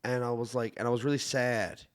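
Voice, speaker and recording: Guy hosting a podcast, reflective, stops and restarts a lot, goes quiet when it gets heavy, regular pitch. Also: steady tone. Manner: reflective, halting storytelling with many restarts, drops soft when sad. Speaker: podcast host. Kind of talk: casual conversation.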